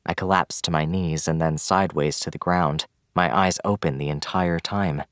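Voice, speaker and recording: A man giving scripted, measured audiobook narration of a fantasy novel. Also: low voice, steady tone, a bit bright, clear, resonant tone, dry recording, studio quality.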